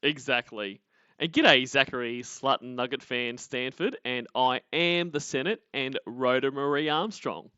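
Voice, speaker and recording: A man's voice: medium pitch, unhurried, pushed and bright, clear, resonant tone, dry recording, dull audio. A man with an Australian accent, co-hosting a casual chat and rambling with lots of fillers and restarts. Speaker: podcast co-host.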